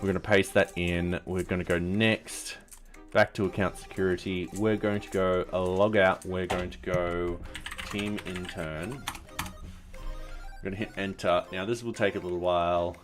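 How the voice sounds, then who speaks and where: A deep-voiced man talks his way through a live coding session, calmly narrating each click and test as he goes. His delivery is slow and offhand, like someone thinking out loud at his desk. Soft music plays faintly behind him. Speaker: software developer streaming his open source project.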